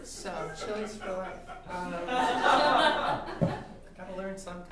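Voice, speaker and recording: A woman's voice: lowish voice, little pitch movement, measured pace, heavy background noise. A woman of forty doing a stand-up comedy set, ranting wryly and laughing often. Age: 40s. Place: theatre stage with live audience. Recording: roomy live theatre, loud crowd laughter.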